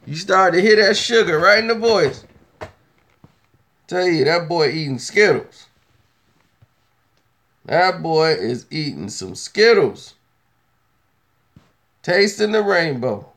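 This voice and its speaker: Emphatic male host, slightly high voice. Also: very animated, takes it slowly, pauses often, a bit bright. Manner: emphatic, repetitive, teasing. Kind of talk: casual opinion commentary.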